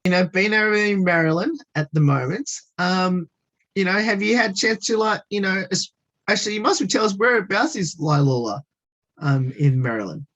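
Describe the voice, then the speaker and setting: A radio host asking interview questions over a video call, hesitant and full of "um" fillers, laughing often. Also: male voice, high voice, moderate pace, fairly bright tone.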